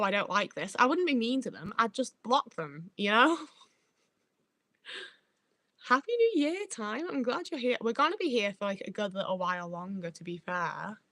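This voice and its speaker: A woman's voice: mid-range voice, fairly bright tone, no room sound. A young woman from the north of England, chatting bluntly and swearing freely as she reads out comments on her livestream. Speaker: livestream host. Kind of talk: casual livestream chat reading comments.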